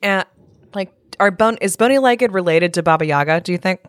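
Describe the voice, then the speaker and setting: A woman's voice: fairly low pitch, a little fast, no room sound, clean studio sound. A young woman co-hosting a podcast, chiming in with playful, teasing remarks. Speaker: podcast co-host. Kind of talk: casual chat.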